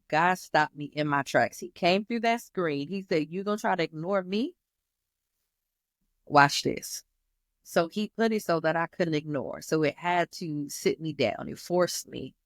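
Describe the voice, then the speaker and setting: A woman with a low voice hosts her own show, recorded at studio quality with no room sound. She gives personal testimony about her journey, candid and animated, and calls her listeners "y'all."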